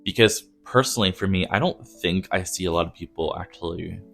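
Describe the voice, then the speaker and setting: A man with a low, gravelly voice that sounds a little nasal. He rambles casually to camera in a personal vlog, full of fillers and restarts, with soft music playing faintly behind him. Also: a little fast. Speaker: artist vlogger.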